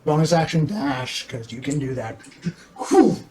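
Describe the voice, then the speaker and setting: A man's voice: medium pitch, normal speed, darkish tone. A man narrating a tabletop game as game master, laid-back and laughing often, recorded in an echoey room from a distance. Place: room with other players.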